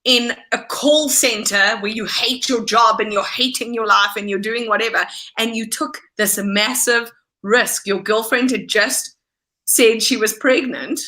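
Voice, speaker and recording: A woman hosting a casual interview, speaking slowly and affectionately. Her voice sits fairly high and has a bright, crisp edge. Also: steady tone. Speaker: podcast host.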